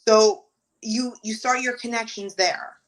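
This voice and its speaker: Animated New woman telling stories. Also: fairly high pitch, a little slow, low-quality recording. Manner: animated storytelling, exasperated asides. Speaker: real estate agent, guest. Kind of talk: casual interview talk.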